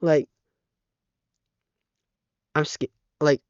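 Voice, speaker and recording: Teenage boy vlogging through tears. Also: no echo. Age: teens. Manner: halting, lots of fillers and restarts. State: close to tears. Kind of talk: casual vlog monologue. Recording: dull, muffled microphone.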